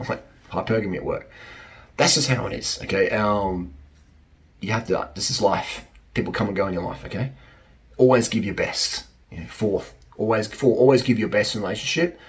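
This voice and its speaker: A man's voice: fairly low pitch, fairly quick. A middle-aged man giving blunt dating advice in a casual monologue, joking and repeating his points.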